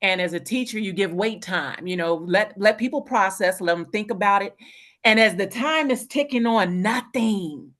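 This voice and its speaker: A woman, a teacher, earnestly sharing a testimony on a call, with many ums and pauses. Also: medium pitch, fairly bright tone. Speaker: caller, teacher.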